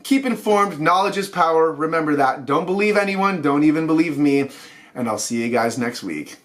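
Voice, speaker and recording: A man's voice: a little high, expressive, moderate pace, a bit bright. A young adult man hosting a weekly online news show, ranting in a heated, casual way straight to camera.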